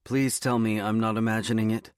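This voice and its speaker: A man's voice: on the low side, flat delivery, a little fast, clear, resonant tone, no room sound, studio quality, voice pushed up, close to an everyday voice. A man voicing a wry, teasing young woman teacher in an audiobook. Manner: playful, teasing. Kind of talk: audiobook character voice.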